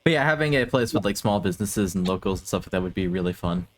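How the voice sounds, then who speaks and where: A man from the United States chatting casually on a live stream, soft-spoken and a bit hesitant, laughing often. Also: deep voice, lively intonation, fast talker, a little hiss or hum.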